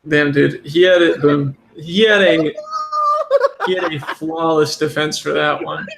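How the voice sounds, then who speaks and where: A man's voice: fairly high pitch, lively intonation, measured pace, gravelly, background noise. A young man co-hosting a casual commentary chat, rambling and joking in a laid-back way. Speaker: podcast co-host. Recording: echoey room.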